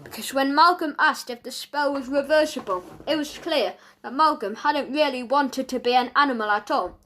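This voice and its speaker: A woman narrating a children's audiobook in a lively storytelling manner. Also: high-pitched.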